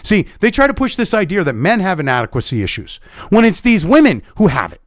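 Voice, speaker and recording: An angry, foul-mouthed man ranting sarcastically as a commentary vlogger. His voice runs fairly high and leaps around a lot in pitch. The sound is close and dry, with no room echo. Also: sing-song, brisk.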